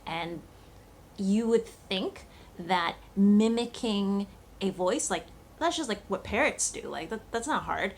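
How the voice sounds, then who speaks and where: A woman chats straight to camera in a loose vlog style, circling back on her thoughts with frequent fillers and false starts. Her pitch sits in an ordinary middle range, with a faint hiss of background noise beneath. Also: animated, takes it slowly. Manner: chatty, thinking aloud with many fillers and restarts. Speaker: cooking channel host. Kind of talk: casual vlog chat.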